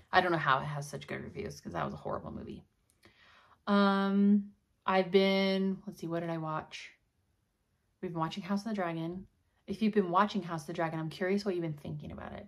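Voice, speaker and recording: A woman's voice: fairly low pitch, a little fast. A woman in her thirties hosting a casual, rambling video chat, full of ums and likes. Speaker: video host.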